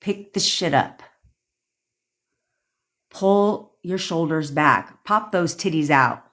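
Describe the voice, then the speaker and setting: A woman's voice: sits low, slow, fairly bright tone. Blunt, profane woman coach ranting. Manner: acts out pleading and smug inner voices. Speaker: manifestation coach. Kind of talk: livestream rant.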